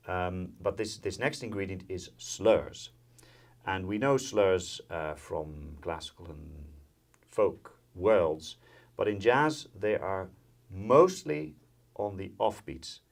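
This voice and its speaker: Taking it slowly, a man from the Netherlands with a low voice and vocal fry gives an instructional jazz violin lesson. He explains each step with frequent fillers and counts in, while violin and guitar play in the background.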